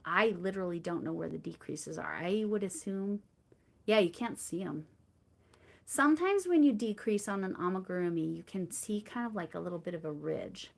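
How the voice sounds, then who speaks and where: A woman's voice: on the low side, creaky. A middle-aged woman hosting a crochet livestream, chatting casually with viewers in a rambling way, with frequent laughs and restarts. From United States. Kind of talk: casual chat with live chat viewers.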